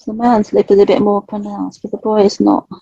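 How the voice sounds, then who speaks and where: Woman, spirit artist, gentle, chatty, dry dull recording. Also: mid-range voice, level tone, moderate pace, vocal fry, husky, no echo. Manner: gentle, chatty, laughs often. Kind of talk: live psychic drawing session.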